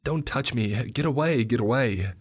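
A man's voice: animated, normal speed, slightly rough. A man voicing a frightened young girl who screams and pushes away in panic. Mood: panicked. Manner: high shrill screaming.

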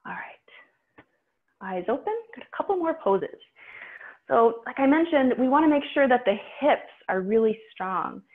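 A woman's voice: sits high, normal speed. Woman guiding yoga over tinny audio. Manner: calm, instructive cueing of breath and poses. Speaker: yoga instructor. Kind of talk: guided yoga class.

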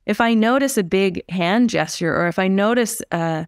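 A woman, a somatic therapist, explaining in a calm, unhurried and reflective way on a podcast. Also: mid-range voice, dry recording, studio quality.

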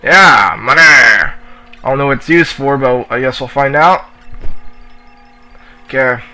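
A man giving casual let's play commentary while racing, excitable and yelling at the racers in the game, with a sore throat. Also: medium pitch, measured pace, faint music behind, low-quality recording. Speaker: gamer playing on his channel.

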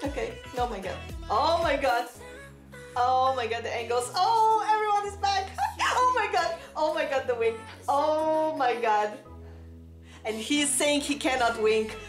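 A woman's voice: high-pitched, animated, a little slow, roomy sound. A woman gushing breathlessly and giggling as she reacts to a music video in her vlog. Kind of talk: excited fan reaction vlog.

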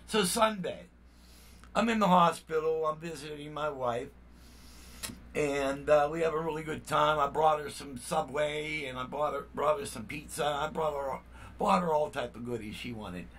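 A man's voice: a little high, normal speed, a bit bright, distant mic. An older man, a musician hosting his own channel, talking to viewers in a blunt, rambling way, full of "you know what I mean.". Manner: heated and indignant. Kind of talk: casual vlog talk to viewers.

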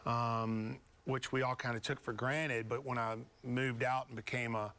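A man's voice: medium pitch, level tone, a little slow, bright, forceful tone. A man from Beaumont, Texas, a guest musician telling stories in a studio interview, rambling and easygoing with many fillers. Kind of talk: casual storytelling interview.

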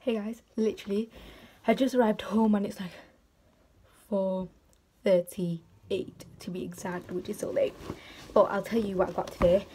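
A woman's voice: mid-range voice, fairly even intonation, normal speed. A young woman, chatting casually in a student vlog as she moves between bus stops and home. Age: young adult. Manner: chatty, rambling, says "literally" a lot. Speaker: student vlogger. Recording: noisy outdoor phone audio.

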